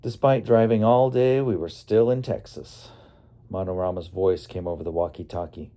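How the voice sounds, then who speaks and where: A man narrating his memoir as an audiobook in a calm, wry storytelling manner. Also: low voice, normal speed. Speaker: narrator and bus driver.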